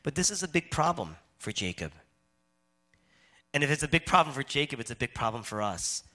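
A man preaching a sermon, swinging between loud emphatic stretches and hushed, quiet ones. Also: mid-range voice, very animated, fairly quick. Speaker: pastor.

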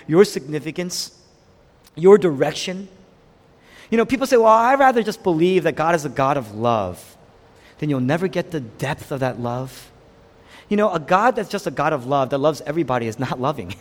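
A man preaching a sermon, swinging between loud exclamations and hushed whispers, asking his listeners rhetorical questions. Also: fairly high pitch. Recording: long hall reverb.

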